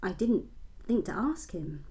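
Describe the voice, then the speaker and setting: A woman's voice: medium pitch, big pitch swings, a little slow, dark tone. A woman reading a novel aloud and voicing a simple, innocent young woman with a West Country accent, in a naive, placid manner. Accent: West Country English. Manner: naive, placid, matter-of-fact.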